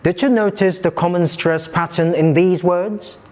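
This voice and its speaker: A man teaching English pronunciation in a scripted lesson, enunciating slowly and carefully and modelling words for listeners to repeat. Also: high-pitched, steady tone, a little mellow.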